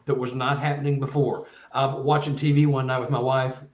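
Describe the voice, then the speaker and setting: A man's voice: mid-range voice, level tone, brisk, a little mellow, reverberant, highs cut off, slight background noise. A man, a guest speaker, telling a long first-person story in an earnest, rambling way with many restarts.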